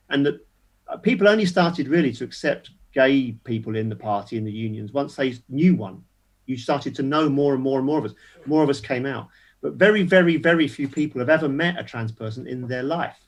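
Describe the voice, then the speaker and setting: An older man, a guest activist on a casual online panel, making emphatic, indignant points and repeating words as he builds them. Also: mid-range voice.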